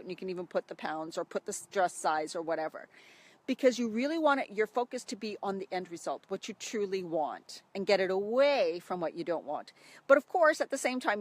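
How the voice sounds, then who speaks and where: A woman's voice: mid-range voice, a bit bright, no echo. A middle-aged woman, a health coach, talking casually outdoors by a stream and acting out worried inner voices. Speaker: health coach for women over 40. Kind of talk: casual live video talk.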